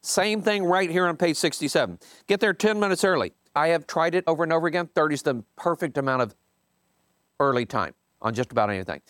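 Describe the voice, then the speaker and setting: A man in his fifties talks through a book with his team, emphatic and animated. His voice sits a bit high and swoops widely as he stresses points. The sound is dry and close. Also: quick pace, no room sound. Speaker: company owner leading a team meeting. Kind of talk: casual book commentary to a team.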